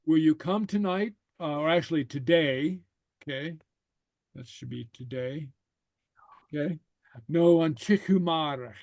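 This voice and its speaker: Slow-speaking male language teacher. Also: a little high, darkish tone, dry recording. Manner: patient, repeats phrases slowly and translates them. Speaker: Gaelic teacher. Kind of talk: language lesson, line by line.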